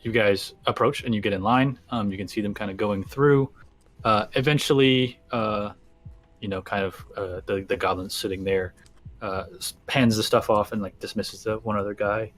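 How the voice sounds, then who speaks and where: Casting note: low-voiced male dungeon master, halting narration, faint music behind. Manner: descriptive, halting with fillers. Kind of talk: narrating a tabletop game.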